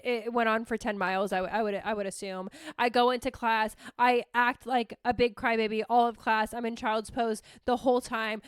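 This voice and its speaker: A young woman hosting a podcast, telling stories in a casual, animated, self-mocking way and swearing freely. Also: on the high side, clean tone, dry recording, studio quality. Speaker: podcast host. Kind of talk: casual storytelling monologue.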